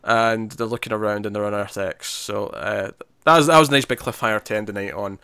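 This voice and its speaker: A man's voice: fairly low pitch, fairly even intonation, a little fast, creaky, bright, forceful tone, clean tone, no echo, studio quality. A man co-hosting a podcast in casual chat, chatty and laughing often, acting out characters' lines. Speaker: podcast co-host.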